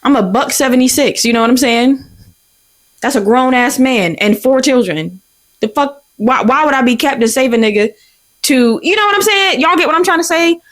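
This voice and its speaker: Animated, profane young woman ranting. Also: high-pitched, moderate pace. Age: 20s. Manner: profane, animated, exasperated storytelling. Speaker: podcast host. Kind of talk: casual storytelling rant.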